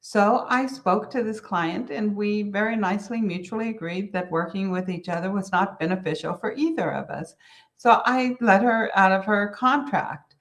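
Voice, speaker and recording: Woman, business coach, earnest, conversational, repeats key points, mispronounces some words, middle pitch. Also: normal speed, a bit bright. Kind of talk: solo business advice talk.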